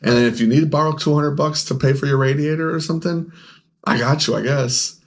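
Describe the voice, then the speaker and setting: A young man with a fairly high voice talks fast as a podcast co-host who owns a game store. He tells rambling stories in casual chat, laughs often, and acts out the people he quotes.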